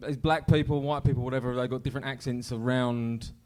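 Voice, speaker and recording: English guy on stage, sheepish, keeps stumbling over his words, mid-pitched voice. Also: steady tone, quick pace, darkish tone, smooth. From England. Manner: hesitant, sheepish, with stammered restarts. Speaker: comedy open-mic contestant. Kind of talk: casual chat on stage.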